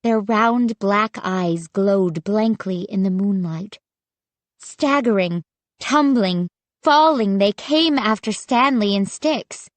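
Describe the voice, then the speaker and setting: A woman narrating a spooky children's audiobook in a measured, suspenseful reading. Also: mid-range voice, no room sound. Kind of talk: scripted horror narration.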